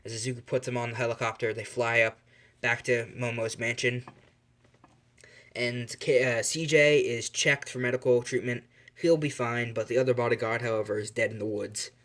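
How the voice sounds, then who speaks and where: A man's voice: mid-range voice, flat delivery, moderate pace, a bit bright. A young man improvising a fan story aloud, rambling and correcting himself as he goes, with lots of fillers.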